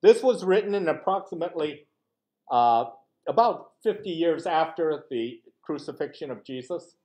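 A male teaching pastor leads a Bible class in a lively, conversational way, with his pitch swinging widely. His voice sits a bit high for a man. He keeps asking his listeners rhetorical questions and acts out little quoted exchanges as he goes. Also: normal speed. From United States.

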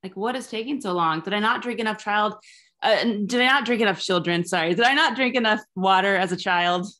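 A woman in her thirties tells a stand-up set over a video call. Her delivery is rambling and deadpan, with offhand asides. Her voice sits at an ordinary mid pitch. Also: a little fast. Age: 30s. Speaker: stand-up comedian.

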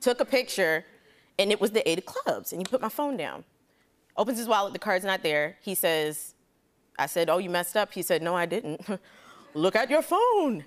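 A woman in her thirties, a talk show guest telling an animated story, laughing as she goes and acting out the people in it. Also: medium pitch, moderate pace, slight background noise. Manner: lively, laughing storyteller doing voices. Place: TV studio with live audience.

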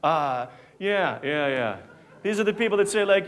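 An American comedian performs live stand-up to a theater crowd. His voice sits high and light for a man. He talks with animated energy and keeps dropping into mock voices and snippets of Dutch. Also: normal speed. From United States. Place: theater stage before a laughing audience.

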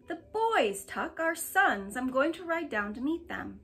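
A calm, sensible farm wife of middle years, as a woman reading a storybook puts her on. She talks in a fairly high voice, plain and matter-of-fact, with a note of eagerness, over faint background music. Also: measured pace, gravelly, heavily acted.

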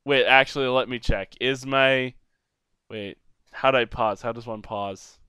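A young man giving goofy, rambling solo commentary over a video game, now and then breaking into loud silly shouting. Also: mid-range voice, fairly even intonation, a little slow, clear, resonant tone, no echo, studio quality. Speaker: gameplay commentator. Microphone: desk microphone.

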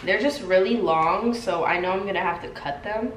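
A young woman vlogging from her home in a chatty, sassy way, putting on a British accent. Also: mid-range voice. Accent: put-on British. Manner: chatty, sassy, slow and drawn out. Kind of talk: casual vlog chat. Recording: roomy echo, faint room noise.

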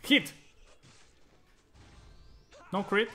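A young man commentating his own gameplay live, joking and swearing excitably. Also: drawn-out words, faint music behind. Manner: excitable, swears often, jokey. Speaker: streamer.

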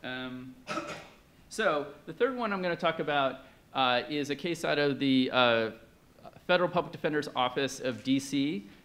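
A man's voice: fairly high pitch, lively intonation, a little slow, a bit bright. A man presenting at an academic conference in a conversational way, with many fillers and questions put to the audience.

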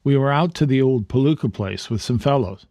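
A man reading the part of a steady, modest teenage boy. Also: medium pitch, fairly quick, no echo, clean studio sound, close to an everyday voice. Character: sensible teenage boy, the elder brother.

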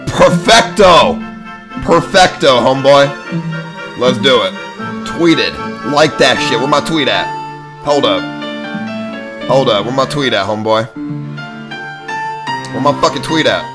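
A young man live-streaming in casual, profane chat, talking to himself excitably. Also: mid-range voice, measured pace, long pauses, over music.

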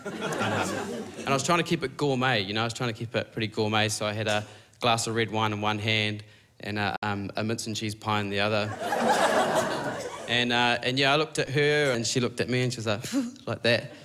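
A young man with a New Zealand accent doing a stand-up comedy set, deadpan and halting, with many fillers. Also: lowish voice. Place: comedy stage before a laughing audience. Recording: clear audience noise behind.

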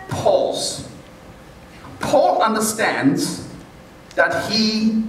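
A man preaching a sermon as pastor, deliberate and playful, chuckling as he makes his points. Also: sits high, a bit bright, slight background noise. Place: large church hall. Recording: very echoey hall, mic far off.

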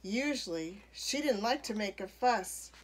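Slow, expressive woman reading a storybook. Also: medium pitch, a little hiss or hum. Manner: expressive, slow read-aloud. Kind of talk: reading a picture book aloud.

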